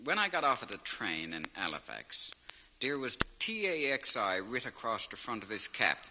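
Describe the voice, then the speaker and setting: A man's voice: on the low side, very animated, moderate pace. A man voicing a naive young rural soldier, earnestly reading his letter home in a comic monologue. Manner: simple, earnest dialect storytelling. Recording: reverberant vinyl transfer with faint hiss.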